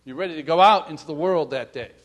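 A middle-aged man preaching a sermon, acting out little scenes and swinging from soft asides to loud calls. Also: on the high side, fast talker. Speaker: pastor.

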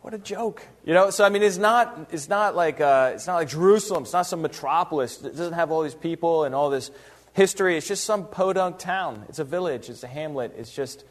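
Going verse by verse through a Bible passage, a man with a somewhat high voice speaks fairly quickly. His teaching is relaxed and animated, with rhetorical questions and small acted-out asides.

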